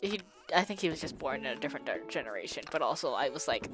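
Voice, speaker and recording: A woman's voice: very deep voice, expressive, fast, a bit bright, faint music behind. A woman in her early twenties, chatting casually as a streamer, telling an anecdote with lots of fillers and a wry tone. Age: early 20s. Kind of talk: casual storytelling.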